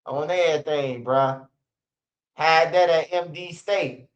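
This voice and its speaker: Very slow and a little high in pitch, a man in his forties hosts his channel's livestream, telling rambling, profane stories with many restarts and laughs. The audio is lo-fi, dull and roomy.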